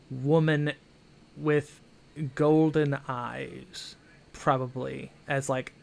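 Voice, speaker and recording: A man narrating as game master of a tabletop game, halting and filling pauses with "uh" and "kind of". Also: a little high, gravelly, pushed and bright. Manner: halting, full of fillers.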